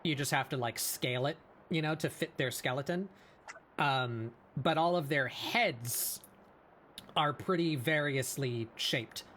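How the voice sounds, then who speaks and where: A man hosting an art stream, rambling through slow, casual explanations with lots of fillers. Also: mid-range voice, a bit bright, slight background noise. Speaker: stream host. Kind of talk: casual chat.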